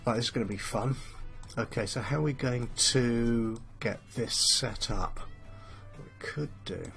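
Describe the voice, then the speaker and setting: A man's voice: mid-range voice, measured pace, creaky, fairly bright tone, faint music behind. A man hosting a let's play, thinking aloud with plenty of fillers in a chatty, self-mocking way. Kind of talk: casual game commentary. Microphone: headphones with a desk mic.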